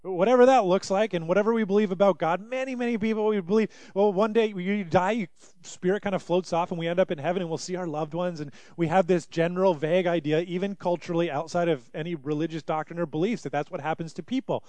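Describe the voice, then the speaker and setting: A man's voice: high-pitched, steady tone, fast, a little mellow, dry recording. A man preaching a sermon as pastor, in an earnest, emphatic way.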